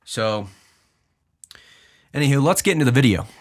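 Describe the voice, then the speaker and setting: A young man hosting a podcast, casually explaining his music and deliberately moving his pitch up and down as he talks. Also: animated. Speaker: podcast host and music producer.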